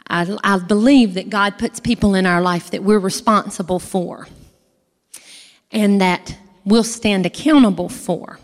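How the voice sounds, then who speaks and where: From a stage in a large, echoey hall with long reverb, a woman with a mid-range voice and fairly even intonation gives a church testimony. She speaks unhurriedly in a folksy, chatty way, addressing the audience directly.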